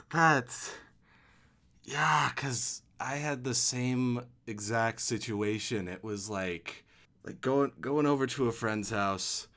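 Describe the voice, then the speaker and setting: A young man co-hosting a casual gaming chat, reacting enthusiastically with drawn-out exclamations. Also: mid-range voice, fairly bright tone. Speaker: podcast co-host.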